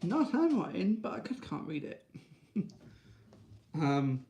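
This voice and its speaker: Casting note: male vlogger, gravelly fry, rambling chatty delivery full of restarts. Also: sing-song, slow pace, dark tone, muffled recording. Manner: rambling, restarts, frequent "right?"; high sing-song baby talk to his dog. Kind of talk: casual chat to camera.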